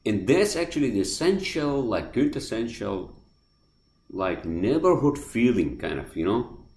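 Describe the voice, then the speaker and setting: A man's voice: medium pitch, sing-song, measured pace, darkish tone. A man with a non-native accent hosting a podcast, ranting in a heated, profane way and repeating himself. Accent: non-native accent of English. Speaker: podcast host. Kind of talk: casual monologue rant. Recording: roomy echoey room.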